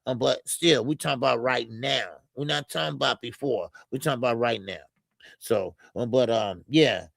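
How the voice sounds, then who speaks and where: A man's voice: medium pitch, gravelly, dry recording. A man hosting a boxing live stream in a casual, rambling way, with many fillers as he reads out super chats. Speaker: boxing show host.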